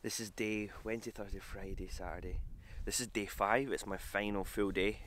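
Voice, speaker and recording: A man's voice: lowish voice, steady tone, normal speed, a bit bright, a little hiss or hum. A man talking casually to camera on a travel vlog, chatty and self-deprecating, on a hiking trail outdoors. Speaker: vlogger.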